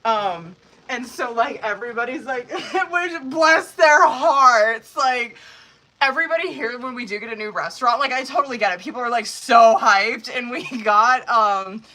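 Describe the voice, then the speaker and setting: A woman's voice: fairly high pitch, brisk, bright, forceful tone, low-quality recording. A young woman, a tarot reader, chatting casually with her live-stream viewers, laughing often and swearing freely.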